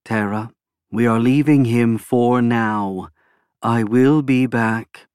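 A man voicing a calm, reassuring male alien pilot who speaks in measured, formal phrases. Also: mid-range voice, no room sound, clean studio sound, close to an everyday voice.

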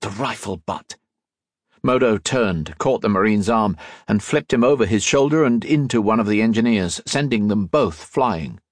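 Low, husky male narrator. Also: expressive, normal speed, no echo, studio quality. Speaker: audiobook narrator. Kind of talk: scripted narration.

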